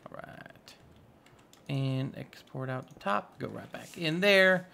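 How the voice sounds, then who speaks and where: A man's voice: mid-range voice, animated, slow pace, vocal fry, bright, forceful tone. A man hosting a casual let's-play, narrating his moves in a playful, goofy, self-mocking way. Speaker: gaming channel host.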